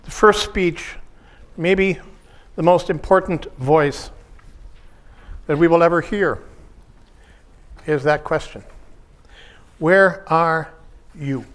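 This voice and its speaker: Guy with a pretty high voice, pastoral counselor doing a workshop talk, slow thoughtful little phrases. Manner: contemplative, speaks in short measured phrases.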